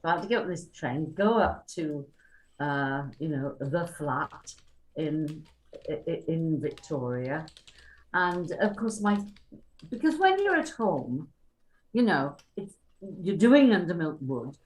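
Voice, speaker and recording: Woman, lower voice, rambling anecdotes, fillers. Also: animated, slow pace, rough recording. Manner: chatty, meandering anecdotes with fillers. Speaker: actress recalling her career. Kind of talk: casual reminiscing on a video call.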